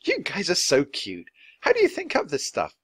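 A man's voice: fairly high pitch, huge pitch swings, moderate pace, a bit bright, husky, pitched above the performer's own voice, exaggerated voice. A man voicing a kind adult woman who worries about the children, in an earnest tone. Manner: earnest, concerned.

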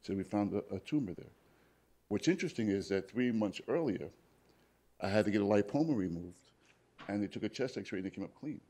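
A man's voice: lowish voice, expressive, a little fast, dark tone. A man, a paramedic and cancer survivor, telling his personal story plainly to a live audience at a hospital event and retelling conversations as quoted dialogue.

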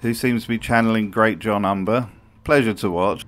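A man's voice: on the low side, normal speed, fairly bright tone, faint music behind. A man giving scripted commentary for a video, sarcastic and profane in his remarks.

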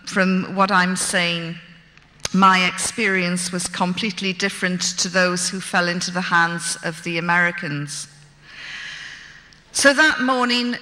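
A woman's voice: medium pitch, sharp tone. A woman telling a story of her own experience to an audience with wry, dry gallows humour. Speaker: speaker recounting her captivity. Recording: long hall reverb.

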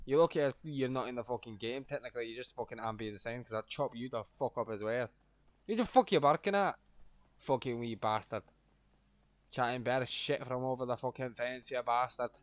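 Swearing streamer ranting at a game. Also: male voice, mid-range voice, no echo. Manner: profane, ranting, yelling insults at game characters. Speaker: livestreamer. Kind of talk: live gameplay commentary.

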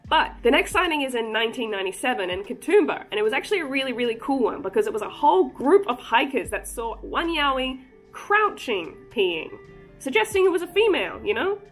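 A woman's voice: high-pitched, very animated, fairly quick, a bit bright, soft background music. Chatty, giggly woman hosting a vlog. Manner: chatty, joking, giggly asides. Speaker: cryptid channel host. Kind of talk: casual explainer vlog.

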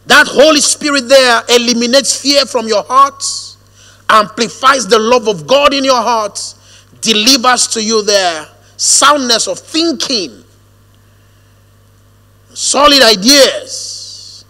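A man preaching a sermon, shifting from hushed storytelling to a firm, drawn-out preaching cadence. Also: very high-pitched. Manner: storytelling, drops to hushed quoted asides, then rises to a firm preaching cadence. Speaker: pastor. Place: church auditorium. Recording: long hall reverb.

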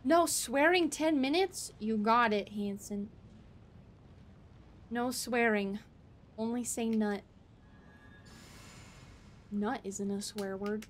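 A woman streaming a game live, chatting with a friend and talking to herself, swinging between quiet mutters and loud outbursts. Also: on the high side, takes it slowly, pauses often, a little hiss or hum. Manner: talks to herself and chats with a friend while playing.

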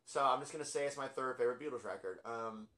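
A man's voice: mid-range voice, quick pace, bright, forceful tone. A man casually ranking albums from his record collection, rambling and self-deprecating with lots of fillers. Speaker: music collector vlogger.

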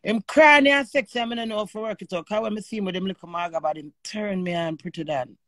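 A woman's voice: medium pitch, quick pace, fairly bright tone, no room sound, studio quality. A Jamaican woman ranting on a live stream, cursing and confrontational, talking into her phone. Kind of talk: heated live-stream rant.

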